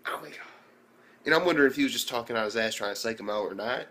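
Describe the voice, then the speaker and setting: A man's voice: mid-range voice, quick pace, fairly bright tone. A man giving a casual, rambling video review of an anime, swearing constantly and acting out the scenes as he goes. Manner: profane, rambling, acts out scenes.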